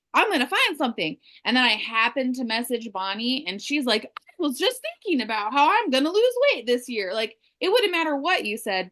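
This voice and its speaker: A woman leading a book club discussion in casual chat, animated and acting out quoted voices. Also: medium pitch. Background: children crying in background.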